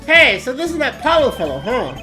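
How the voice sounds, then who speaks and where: A woman voicing a pushy middle-aged male noodle vendor with a loud, brash, folksy manner. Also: high-pitched, sing-song, a little fast, exaggerated voice. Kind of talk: reading game dialogue aloud on a stream. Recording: music playing behind the voice.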